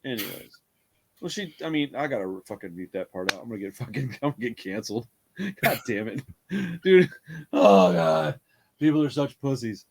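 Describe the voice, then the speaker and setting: With a husky, expressive, mid-range voice at normal speed, a man retells a horror film on a podcast he co-hosts. He rambles, laughs a lot, and curses freely in this casual conversation.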